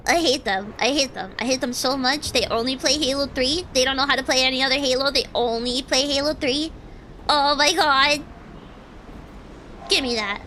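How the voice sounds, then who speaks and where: A woman's voice: high voice, moderate pace, noisy background. A young woman streaming a game, exclaiming, swearing and raging at her matches. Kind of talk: live gameplay commentary.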